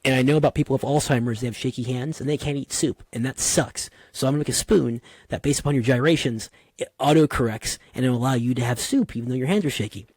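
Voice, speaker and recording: A man telling long, winding stories as a guest on a podcast, full of energy and slangy asides. His voice is husky, and the sound is dry and close to the mic. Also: medium pitch, fast, dry recording. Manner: animated, digressive storyteller, slangy. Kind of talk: casual interview chat.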